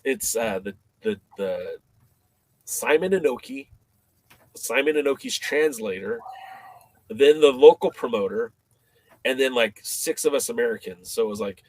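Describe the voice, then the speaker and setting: A man as a podcast guest, telling a story in a casual, animated way, with many fillers and restarts. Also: medium pitch, a little slow, long pauses, no echo.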